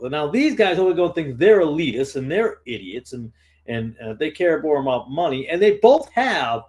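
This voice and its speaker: A man's voice: a little high, darkish tone. A man in his fifties with a Northern US accent, giving an informal, earnest sermon as a lay preacher. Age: 50s. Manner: earnest and conversational.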